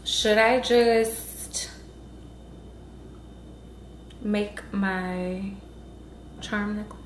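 Woman vlogger, mid-pitched, exasperated and emphatic, recorded in a room with echo. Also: steady tone, very slow, a little hiss or hum. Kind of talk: casual vlog talk to camera. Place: at home indoors.

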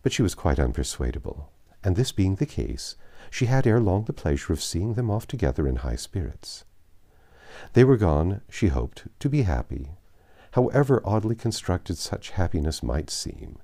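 A man narrating a classic novel aloud in a measured, expressive reading. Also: low voice.

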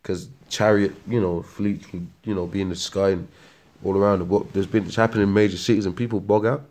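Low-voiced rambling British preacher man. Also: steady tone, fairly quick, a little mellow. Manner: rambling, stumbles over words while reading aloud; slangy, ends lines with "man" and "mate". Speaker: street preacher. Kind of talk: casual preaching monologue.

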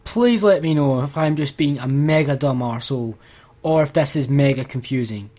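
A man's voice: medium pitch, normal speed, warm tone. A man commentating his gameplay, exasperated and ranting to his viewers. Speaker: let's play gamer.

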